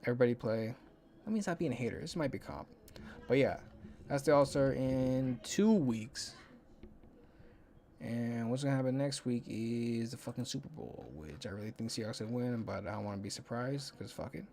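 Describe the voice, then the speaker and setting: A man's voice: medium pitch, normal speed, vocal fry, a little mellow. Young male podcast host, loose profane solo chat, mid-range voice, faint background noise. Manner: rambling, profane, counts aloud to himself.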